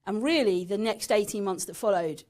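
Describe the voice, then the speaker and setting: A woman's voice: medium pitch, moderate pace, a little mellow. Woman, 30s, from England. Podcast guest sharing a raw personal story; frank and emotional, mid-range voice.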